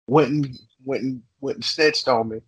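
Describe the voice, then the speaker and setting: A man's voice: mid-range voice, fairly even intonation, moderate pace, slightly rough, no echo, poor audio. A man co-hosting a podcast, telling a heated story full of swearing and acting out what people said. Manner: heated, swearing, acts out quotes. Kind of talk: profane storytelling.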